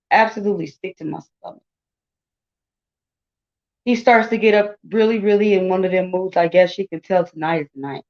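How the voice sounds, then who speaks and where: A woman in her forties talks straight to her viewers in casual commentary, blunt and openly indignant, with frequent asides. Her voice sits at a middle pitch. The recording is a little dull and lo-fi. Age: 40s. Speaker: commentary channel host.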